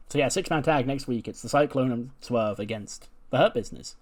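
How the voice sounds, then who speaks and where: A man's voice: mid-range voice, brisk, few pauses. Man, mid-range voice, casual game narration, rambling, filler-heavy storytelling. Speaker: gaming video host.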